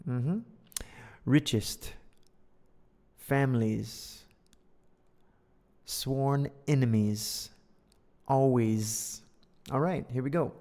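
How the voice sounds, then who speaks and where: A man with a dark, mid-range voice teaches English extremely slowly, with long pauses, reading a storybook aloud and explaining words and sounds. He adds playful, jokey asides, and a long hall reverb follows his speech.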